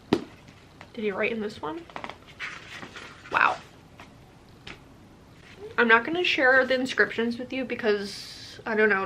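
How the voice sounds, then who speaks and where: A young adult woman chatting casually as a book vlogger, answering questions and unboxing books, gushing with quick asides. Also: a little high, fairly bright tone, slight background noise.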